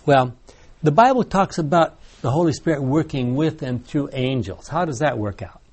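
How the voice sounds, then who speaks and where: A man's voice: a little high, expressive, moderate pace, darkish tone, slight background noise. Man leading a Bible study group. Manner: questioning, storytelling with restarts.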